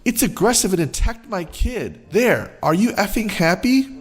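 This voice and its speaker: A man putting on a shrill, rude entitled mom. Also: big pitch swings, moderate pace, breathy edge, faint music behind, full character voice. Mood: impatient, snapping. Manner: snappy, demanding, swears. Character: rude impatient entitled mother, woman.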